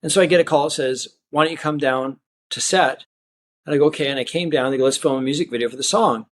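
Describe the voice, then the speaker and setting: A man tells a personal story in a relaxed interview, his voice sitting a little higher than most men's. He is animated and acts out the people he quotes, swinging his pitch up and down as the story moves. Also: fast talker, slight background noise. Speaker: magician and guest.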